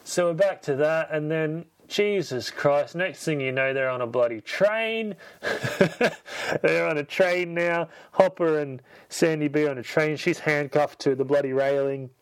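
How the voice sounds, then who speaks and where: A man excitedly retelling a film in a casual, swear-filled way, acting out the characters' lines as he goes. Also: a little high, a little slow, smooth. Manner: animated, swears a lot, acts out lines. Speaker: podcast host retelling a film.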